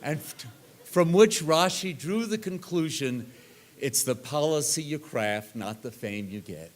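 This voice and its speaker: An older man speaking at a reunion, telling animated anecdotes and acting out the people in them. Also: on the high side, unhurried. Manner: animated anecdote teller, acts out others' lines. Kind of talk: storytelling talk.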